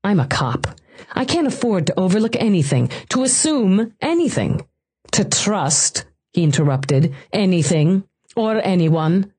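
A woman's voice: mid-range voice, sing-song, unhurried, dark tone, breathy edge. A narrator voicing a clipped, tough woman cop. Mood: firm. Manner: clipped, firm.

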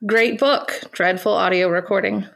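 A woman reading out a disappointed book review in a put-on Irish accent, measured and deliberate. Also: medium pitch, steady tone, vocal fry, voice pushed down, close to an everyday voice. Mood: complaining.

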